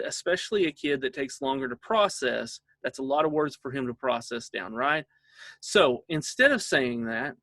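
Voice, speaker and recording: A man's voice: mid-range voice, fairly bright tone, dry recording. A middle-aged man, a father, leading a casual training session for parents and often checking in with his listeners.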